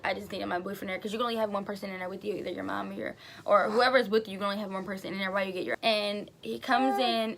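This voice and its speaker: A woman's voice: mid-range voice, pushed and bright, a little hiss or hum. A young woman telling a casual story as a vlogger, chatty with lots of fillers.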